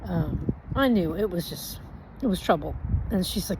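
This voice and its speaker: A woman's voice: on the low side, normal speed, slight background noise, rough recording. A woman telling a casual anecdote, acting out the voices of the people in it. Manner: animated, acts out quoted voices. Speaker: storyteller.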